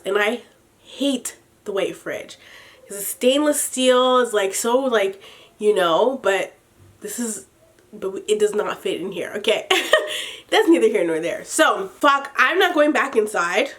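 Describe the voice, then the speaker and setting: A woman telling a storytime vlog in a casual, animated way, swearing freely and laughing between lines. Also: fairly high pitch. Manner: animated, profane, exasperated retelling. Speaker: storytime vlogger.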